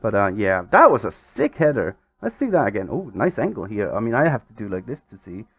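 A man hosting a gaming channel, giving excitable, exasperated let's-play commentary over a football management game. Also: on the low side, a little fast, breathy edge. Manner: exasperated, excitable, swears mildly.

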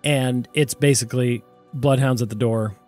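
A man's voice: mid-range voice, steady tone, normal speed, darkish tone, faint music behind. A man narrating as game master in a casual, conversational way with filler words.

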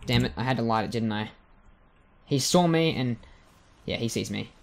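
A man giving let's play commentary at his computer, joking and reacting with excitement to the game as he plays. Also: mid-range voice, normal speed, creaky. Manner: excitable, jokey, yelps and laughs at the game. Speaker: gaming YouTuber.

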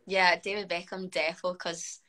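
A woman in her twenties with a Scottish accent, a footballer chatting casually on a livestream, animated and full of "like". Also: fairly low pitch, moderate pace, rough recording. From Scotland. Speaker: guest footballer.

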